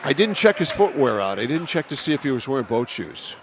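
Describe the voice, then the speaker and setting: A man's voice: mid-range voice, sing-song, a little fast, crowd noise. A man calling a basketball game play by play, chatty and teasing with his co-commentator. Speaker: play-by-play announcer. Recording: gym noise behind.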